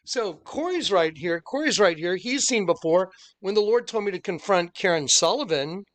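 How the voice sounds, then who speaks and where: A man's voice: sits high, normal speed. A man recounting a personal story to his viewers as an online preacher, earnest and insistent, acting out the people he quotes. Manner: animated storyteller who acts out the people he quotes. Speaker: online preacher and channel host.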